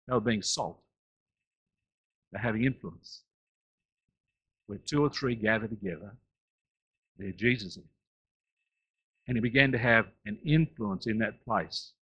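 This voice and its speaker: A man preaching a sermon as a pastor, swinging between loud rising declarations and low, quiet asides. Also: breathy edge, poor audio. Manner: rises loud on key phrases, drops low and quiet between.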